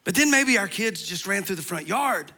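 A man preaching a sermon, passionate and emphatic, sometimes sinking to a soft hush for stress. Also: sits high, expressive, moderate pace.

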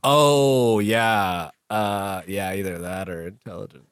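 A man's voice: lowish voice, fairly bright tone, clean tone, no room sound, clean studio sound. A man playing a tabletop game, chatty and giggly, often laughing between lines. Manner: giggly and quick. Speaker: player. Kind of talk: casual tabletop play.

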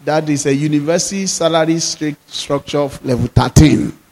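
A man's voice: on the high side, normal speed, darkish tone, low-quality recording. A man preaching a sermon as pastor, emphatic and full of repeated rhetorical questions.

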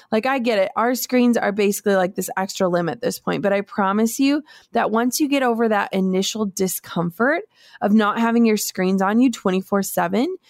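A woman's voice: medium pitch, vocal fry, dry recording, clean studio sound. A woman in her thirties hosting a podcast, talking in a chatty, encouraging way with lots of "like". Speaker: podcast host. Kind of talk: casual solo podcast talk.

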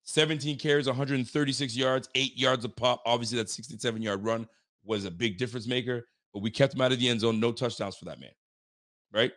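A young man hosting a casual sports fan livestream, reading viewer messages and talking in excited slang with frequent restarts. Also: medium pitch, quick pace.

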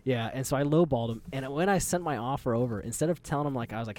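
A man co-hosting a podcast in casual chat, telling animated, profane stories and laughing hard at his own jokes. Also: mid-range voice, racing, hardly any pauses, noisy background. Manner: animated storytelling, laughs hard, swears freely. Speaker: podcast co-host.

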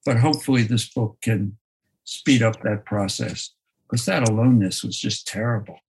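A man, a photographer, talking in a slow, thoughtful way in an interview, often restarting his sentences and laughing softly. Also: fairly low pitch, a little hiss or hum, rough recording. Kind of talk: reflective conversational interview.

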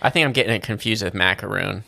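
A man's voice: lowish voice, fast, gravelly, pushed and bright. A man co-hosting a casual podcast, joking around and playing dumb in the banter. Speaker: podcast co-host.

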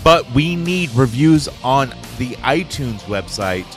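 A man hosts a crude podcast, his voice swinging widely in pitch as he jokes and swears. He laughs often between lines. Faint music plays behind him. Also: slow pace. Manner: animated, swearing, laughs often, jumps up high when excited. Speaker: podcast host. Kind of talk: crude casual podcast banter.

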